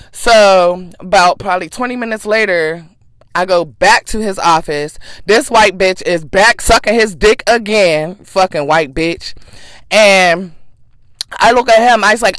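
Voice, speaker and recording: A woman's voice: lowish voice, fairly bright tone, no echo. A woman podcast host telling a personal story in a casual, sassy, emphatic way, with plenty of swearing.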